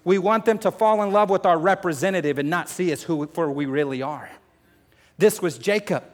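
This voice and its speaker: A man preaching a sermon, emotional, shifting between loud urgency and hushed confession, talking to the crowd as folks and family. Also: sits high, moderate pace. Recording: long hall reverb.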